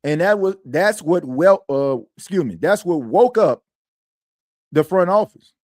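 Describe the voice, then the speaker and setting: Man, sports podcast host, casual chat, rambling slangy talk, raised pitch, dry close sound. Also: expressive, unhurried, a little mellow, no room sound.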